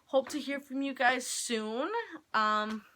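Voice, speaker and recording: A woman's voice: high-pitched, fairly even intonation, slow, pushed and bright, slight background noise. A teenage girl talking casually to the camera at home about being a young mom, rambling with lots of "like" fillers. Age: teens. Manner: chatty, rambling with many "like" fillers. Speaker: vlogger. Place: home, holding her baby.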